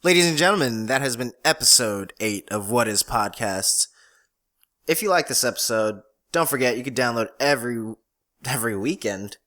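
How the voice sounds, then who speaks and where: A man's voice: mid-range voice, expressive, moderate pace, bright, forceful tone. A man hosting a casual podcast, wrapping up loosely and jokingly while plugging his channels. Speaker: podcast host.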